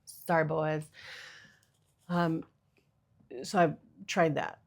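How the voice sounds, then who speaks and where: Chatty gravelly-voiced mom podcaster. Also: female voice, sits low, flat delivery, very slow. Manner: chatty, rambling, self-deprecating, many fillers. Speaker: podcast host. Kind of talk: casual solo monologue.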